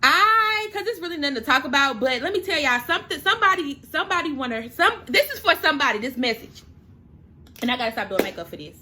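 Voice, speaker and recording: Chatty, emotional young woman, bright voice. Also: sits high, sing-song, fast. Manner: chatty, emotional, tearing up at times. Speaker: makeup vlogger. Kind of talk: casual storytime chat while doing makeup.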